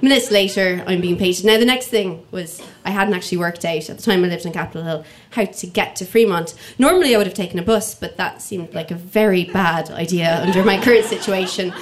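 A woman telling a funny personal story to an audience, lively and acting out the voices of people in it. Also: lowish voice, fairly quick, hardly any pauses, noisy background. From Ireland. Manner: lively comic delivery, acts out quoted voices.

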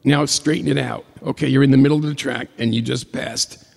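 A man voicing a calm male race-car spotter who gives steady directions. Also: medium pitch, fairly quick, gravelly, slightly rough. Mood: coaching. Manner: steady, coaching instructions. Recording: long hall reverb.

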